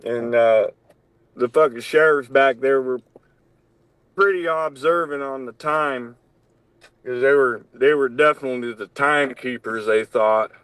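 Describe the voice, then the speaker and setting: A man's voice: mid-range voice, a little slow, fairly bright tone, clean tone, dry recording, low-quality recording. Rambling man with a dry, close sound. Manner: rambling, profane storytelling. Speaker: festival crew member. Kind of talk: casual chat.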